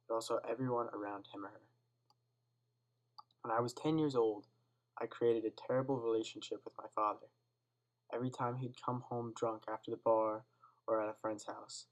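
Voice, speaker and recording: A man's voice: on the low side, rough recording. Teenage boy reading a story aloud. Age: teens. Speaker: student reader.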